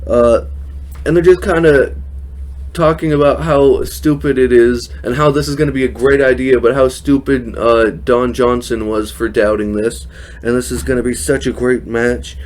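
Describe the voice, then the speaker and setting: A man giving a casual recap of a televised show, chatty, laughing often and filling pauses with fillers. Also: mid-range voice, fairly even intonation. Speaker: wrestling recap host.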